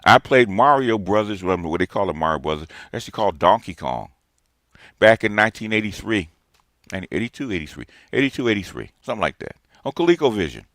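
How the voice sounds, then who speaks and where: A man's voice: lowish voice, very animated, fairly quick, a bit bright, dry recording, clean studio sound. A man in his sixties gives a ranting, lecturing response monologue as a streamer, emphatic and repeating his points. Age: 60s.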